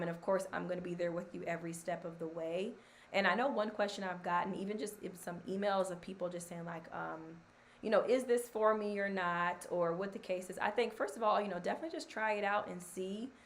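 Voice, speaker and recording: A woman's voice: fairly low pitch, steady tone, fast, slight background noise. A woman hosting a casual live stream, chatty and encouraging. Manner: chatty, filler-heavy, encouraging. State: scratchy voice from allergies.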